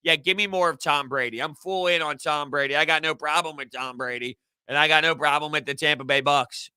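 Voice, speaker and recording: A man hosting a casual live sports stream, answering chat in an animated, rambling way. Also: fairly high pitch, brisk, clear, resonant tone, dry recording. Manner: animated, rambling, repeats himself. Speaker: sports podcast host reading live chat.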